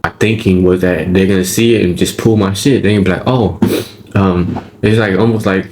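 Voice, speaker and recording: Talking a little fast in a low, darkish voice with fairly even intonation, a man recounts his time in prison. He uses casual, profane street slang and keeps checking in with "right?" and "you feel me?" A bit of hiss or hum is audible.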